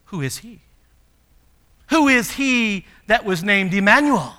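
A man preaching a sermon as pastor, moving from soft, low passages to loud, emphatic ones. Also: very animated, takes it slowly. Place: church sanctuary. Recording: long hall reverb.

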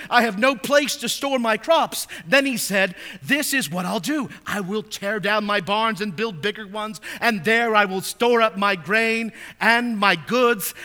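High, bright-voiced preacher in an echoey hall. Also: male voice. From United States. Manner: swings from hushed, low asides to loud, emphatic scripture reading. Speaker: pastor. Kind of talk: sermon.

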